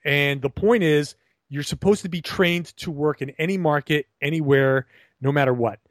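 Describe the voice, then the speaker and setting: A fairly high-voiced young man from Rhode Island, his regional accent trained into a neutral broadcast delivery. He tells stories in an animated, chatty way, stumbling and restarting as he goes. The recording is dry and close. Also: normal speed, no room sound. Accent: neutral General American, trained. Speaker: guest, broadcaster and blogger. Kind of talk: casual podcast interview.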